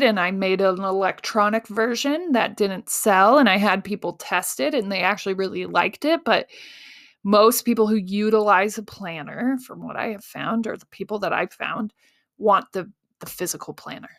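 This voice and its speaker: A woman's voice: medium pitch, normal speed, fairly bright tone, dry recording, clean studio sound. A woman hosting a solo podcast, telling her story in a candid, self-mocking way with casual fillers. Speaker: podcast host.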